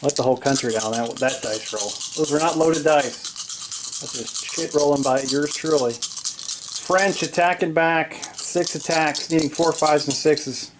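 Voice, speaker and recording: A man narrating his own tabletop wargame in a casual play-by-play, excitable, joking and swearing at his dice rolls, recorded in a home basement. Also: on the high side, unhurried, noisy background. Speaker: wargaming hobbyist narrating a battle report.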